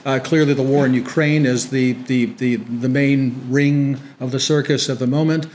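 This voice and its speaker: A middle-aged American guest speaker gives a public lecture with banter, dry and ironic, frequently restarting his sentences. His mid-range voice is steady and a little mellow at a moderate pace, with slight hiss or hum on the recording.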